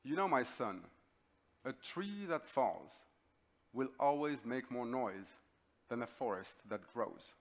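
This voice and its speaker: A man voicing a calm, wise older male monk with an Italian accent, speaking in a gentle, measured way, quoted within his talk. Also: medium pitch.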